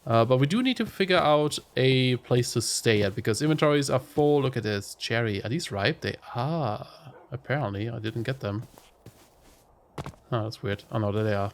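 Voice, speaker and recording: A man's voice: mid-range voice, lively intonation, normal speed. Nasal, congested man rambling over gameplay. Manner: rambling, chatty, self-interrupting. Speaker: let's play host. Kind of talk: casual gameplay commentary.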